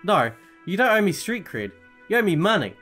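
A man's voice: high-pitched, big pitch swings, normal speed, fairly bright tone, faint music behind, voice pushed up, full character voice. A man voicing a grumpy, penny-pinching male hostel manager in a game, talking in a sarcastic, exasperated way.

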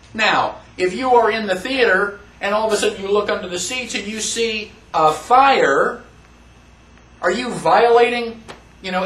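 A man's voice: sits high, a bit bright. A man teaching a class in a lecture style, emphatic, asking the audience questions. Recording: roomy, distant mic.

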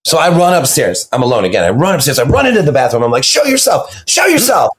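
Excitable man telling stories animatedly. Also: medium pitch, racing. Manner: excitable, rambling, acts out quotes. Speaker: podcast guest. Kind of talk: animated storytelling in an interview. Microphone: video call.

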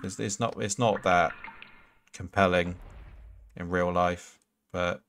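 A man's voice: sits low, steady tone, slow pace, long pauses, fairly bright tone. A man streaming a game live, chatting casually and rambling through answers to viewer questions. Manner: casual, swears freely. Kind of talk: live gameplay commentary and chat.

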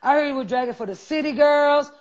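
A man, telling stories loudly and profanely in a casual chat. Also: very high-pitched, quick pace. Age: 40s. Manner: loud, profane, animated storytelling. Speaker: guest. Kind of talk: casual live-stream chat. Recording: dull lo-fi sound.

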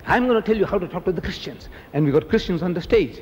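An older man from South Africa giving an animated public lecture, telling stories and mimicking the people in them. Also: sits high, quick pace, few pauses, big-room sound, muffled recording. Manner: animated storytelling, mimicking others. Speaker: preacher.

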